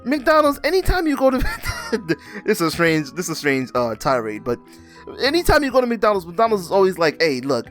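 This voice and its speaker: Give me an animated young man giving a casual comic recap, slangy and laughing, over faint music. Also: sits high, a little fast. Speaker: comic reviewer.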